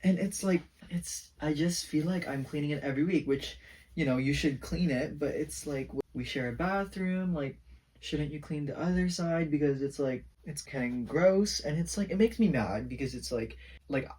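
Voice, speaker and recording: A man's voice: on the high side, moderate pace, a little mellow, far from the mic. Rambling teenage boy, a bit off-mic. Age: teens. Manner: rambling, heavy use of "like", venting. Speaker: vlogger. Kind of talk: casual rambling vlog chat.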